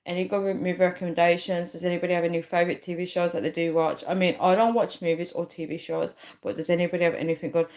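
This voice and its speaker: A woman hosting a livestream, talking loosely to her viewers and answering their comments. Her voice sits fairly low for a woman, and she often trails off and starts over mid-sentence. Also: a little mellow. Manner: chatty, trails off and restarts, reads comments aloud. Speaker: YouTube live streamer. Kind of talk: casual live-stream chat reading comments.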